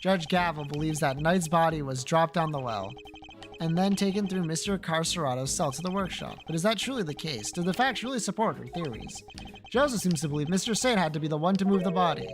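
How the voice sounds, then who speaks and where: A streamer voicing a composed male prosecutor thinking through a case in a video game. The delivery is measured and analytical, with a lively, moving pitch. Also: over music, close to an everyday voice. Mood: questioning. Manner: measured inner monologue.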